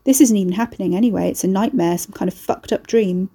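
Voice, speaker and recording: A woman's voice: quick pace, warm tone, slightly rough. A woman voicing a stressed, broke young woman who speaks in a raised, exasperated voice. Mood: desperate. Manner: high, tense and exasperated.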